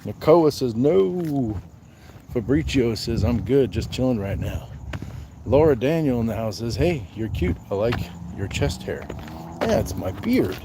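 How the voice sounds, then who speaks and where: A man hosting a casual livestream on a night walk, greeting viewers by name and answering their comments in a relaxed way. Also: medium pitch, measured pace, background noise. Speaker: livestream host.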